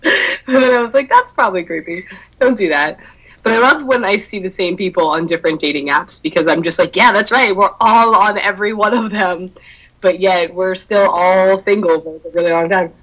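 A young woman in casual chat, telling stories with lively quoted voices. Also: fairly low pitch, fairly quick, rough recording. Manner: animated storyteller acting out quotes.

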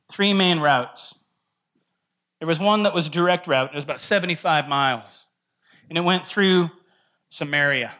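In a church classroom, a man runs a loose, conversational Bible study, checking in with the group through questions. His voice is bright, forceful and a bit high, and he keeps restarting his sentences and asking "right?".

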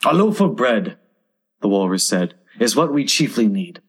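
A man's voice: fairly low pitch, very animated, moderate pace, slightly rough. A man voicing a sly, sentimental old walrus with a grand, coaxing manner.

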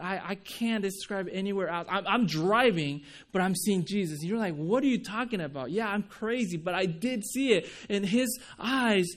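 Earnest man preaching a personal testimony. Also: high voice. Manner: earnest, conversational, many restarts and laughs. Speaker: pastor.

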